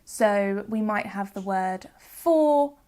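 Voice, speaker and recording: A young woman from the UK hosting a phonics lesson, explaining patiently and sounding out examples slowly and clearly. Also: a little high. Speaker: phonics teacher and channel host. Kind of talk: educational video lesson.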